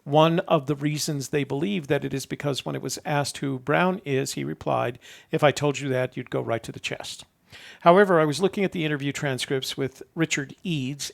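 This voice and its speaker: Older new guy with a gravelly voice, rambling and chuckling as he chats. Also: on the high side, normal speed. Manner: rambling storyteller, chuckles at himself. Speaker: show host. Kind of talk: casual chat.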